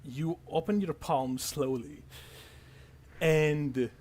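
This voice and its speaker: A man running a tabletop game as game master, narrating in an unhurried, casual way. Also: fairly high pitch, darkish tone.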